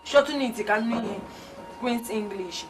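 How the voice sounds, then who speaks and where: Nigerian house help, broken english, begging and stubborn, kinda high. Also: female voice, slow pace, noisy background. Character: clumsy comic house help, pleading and stubborn.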